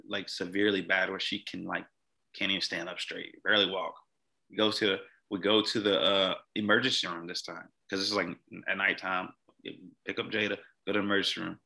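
A young man talks as a guest in an interview, telling his own story in a loose, earnest ramble full of "like." His voice sits low with a gravelly edge and a sharp, forceful tone. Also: brisk, low-quality recording. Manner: rambling, heavy use of "like", earnest. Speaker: podcast guest. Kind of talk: personal story in casual conversation.

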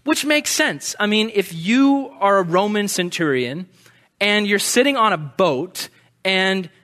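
A male preacher with a notably high voice delivers a relaxed, conversational sermon. He is animated and playful, slipping into the voices of the people he talks about. His delivery stays chatty and lively. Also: measured pace. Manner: animated, acts out quoted voices.

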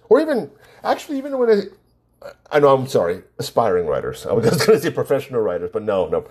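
Husky man telling a heated story. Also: on the low side. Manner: animated storytelling, acts out both sides of arguments. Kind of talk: casual monologue.

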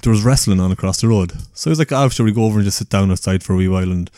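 Low, mellow-voiced man. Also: very fast, dry recording, studio quality. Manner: laid-back, chatty, swearing. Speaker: podcast co-host. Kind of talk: casual chat.

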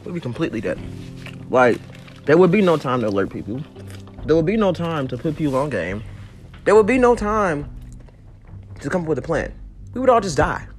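A man's voice: fairly high pitch, sing-song, quick pace, soft background music. A young man hosting a casual solo podcast, slangy and laughing in fits, swinging between giggles and serious ranting. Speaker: podcast host.

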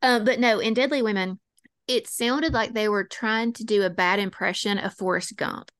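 A woman's voice: medium pitch, fairly bright tone, dry recording, clean studio sound. A woman with a Southern American accent co-hosting a casual true-crime podcast, opinionated and sarcastic. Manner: opinionated, sarcastic, quick to laugh. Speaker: podcast co-host.

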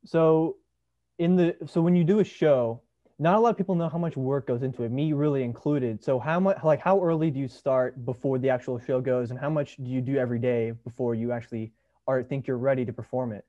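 A man's voice: medium pitch, fairly quick, dark tone. A man interviewing a theater director, asking rambling questions with many restarts. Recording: dull lo-fi recording.

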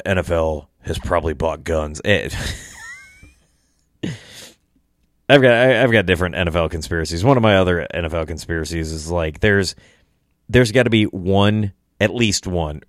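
A man's voice: deep voice, no room sound, clean studio sound. A young man hosting a solo podcast, tired and tipsy, rambling casually and swearing a lot. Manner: rambling, profane, laid-back. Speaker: podcast host.

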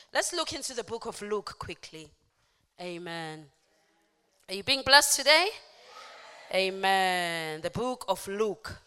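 A woman preacher giving an impassioned sermon, moving from soft speech to shouting, with call-and-response. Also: fairly low pitch, clear, resonant tone. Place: church hall. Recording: echoey church hall.

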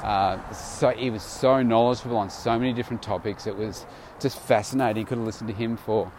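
Tired man, low-pitched, rambling diary talk outdoors with faint city traffic behind. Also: steady tone, fairly quick. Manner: rambling, loose, many fillers and restarts. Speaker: vlogger. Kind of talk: casual audio diary.

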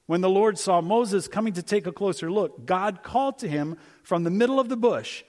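Middle-aged man, guest pastor, relaxed storytelling sermon, voice sits on the high side. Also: moderate pace, hardly any pauses. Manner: conversational and storytelling, acts out voices for humor. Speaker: guest speaker.

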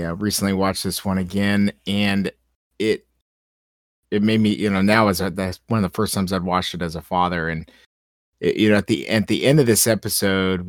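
Deep-voiced man, dry close sound. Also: dry recording. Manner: rambling, animated when indignant. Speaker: podcast co-host. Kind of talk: casual discussion podcast.

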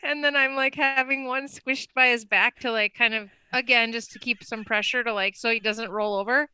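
A woman co-hosting a podcast, telling a story in a casual, animated way with lots of "like" and laughter. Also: on the high side, normal speed, smooth, dry recording. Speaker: podcast co-host. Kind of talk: casual chat.

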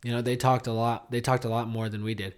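A man co-hosting a casual talk show, telling a story in a rambling way with lots of fillers and restarts, trailing off quietly at heavy moments. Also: mid-range voice, level tone, quick pace. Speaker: podcast co-host. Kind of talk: casual chat.

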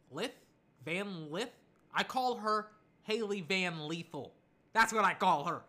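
A young man hosting a solo podcast, talking in a casual, rambling way that bursts into excited outbursts. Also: fairly high pitch. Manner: chatty, digressive, excitable with loud outbursts. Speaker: podcast host.

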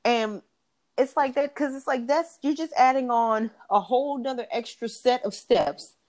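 A woman in casual chat, expressively retelling a conversation and lifting her voice when she quotes others. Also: normal speed. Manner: expressive retelling, rises in pitch quoting others.

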